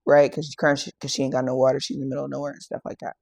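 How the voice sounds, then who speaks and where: Animated woman retelling a Bible story. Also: lowish voice, fast, hardly any pauses, no echo, clean studio sound. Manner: animated storytelling, acting out quoted lines. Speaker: faith and fitness host. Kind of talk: casual Bible teaching.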